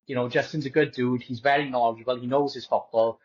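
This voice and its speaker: A man chats easily on a sports podcast, often pausing and filling gaps. His pitch is mid for a man, and the recording sounds dull and lo-fi. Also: steady tone, a little mellow. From Wales. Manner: easygoing, hesitant, many fillers. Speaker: podcast co-host. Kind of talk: casual sports podcast chat. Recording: dull lo-fi audio.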